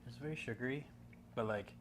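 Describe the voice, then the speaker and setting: A man's voice: medium pitch, quick pace, a little hiss or hum. A man with a West Coast Canadian accent, a guest talking in laid-back casual chat, rambling with lots of fillers.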